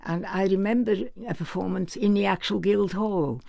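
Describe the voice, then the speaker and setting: Answering interview questions, a former orchestra manager, now an older man, warmly reminisces through anecdotes, voicing the people he quotes. His voice is high-pitched and very gravelly, with fairly even intonation at a moderate pace. There's no echo.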